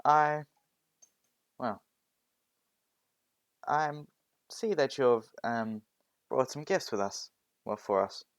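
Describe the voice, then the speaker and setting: A man doing a booming jovial dad. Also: extremely slow, long pauses, smooth, no room sound. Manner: booming, laughing. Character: jovial hearty girlfriend's father.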